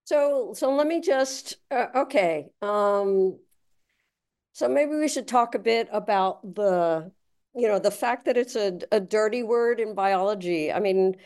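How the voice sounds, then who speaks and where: A woman's voice: medium pitch, measured pace, a little mellow. A woman interviewing an author, asking long rambling questions packed with fillers. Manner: rambling, full of "you know" fillers.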